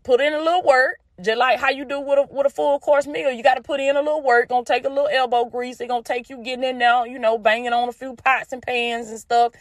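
With a high voice and a steady tone, this Southern podcast host talks fast with few pauses. She has a Southern US accent, comes from the Southern United States, and delivers a folksy, faith-based motivational talk, repeating phrases for emphasis and calling listeners "baby" and "y'all". The studio-quality sound has no echo.

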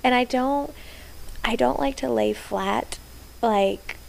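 A woman's voice: a little high, slow, creaky, rough recording. A young woman in casual chat, sharing birth stories, talking loosely and laughing often. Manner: chatty, laughs often, acts out quotes. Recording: faint background noise.

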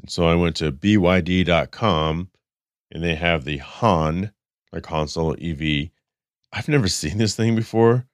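Male car-podcast host, very low, congested and nasal, rambling reads, dry booth. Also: measured pace, no echo. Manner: rambling, self-correcting, reading stats then riffing. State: stuffed up, congested. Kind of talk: casual car news chat.

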